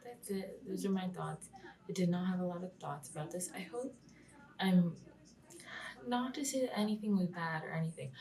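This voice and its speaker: A woman's voice: lowish voice, moderate pace, mellow, far from the mic, rough recording. A young woman talking through a casual vlog recap, chatty with lots of "like", often dropping to a whisper and swearing. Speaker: wrestling vlogger.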